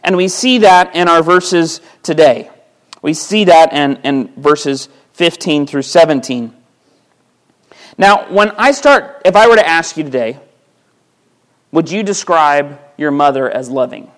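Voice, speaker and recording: A man with a high voice preaches to his congregation in an easy, conversational way. He keeps asking rhetorical questions. He often repeats a word when he starts a phrase over. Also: lively intonation, a little slow, fairly bright tone. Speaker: pastor. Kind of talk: sermon. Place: church sanctuary.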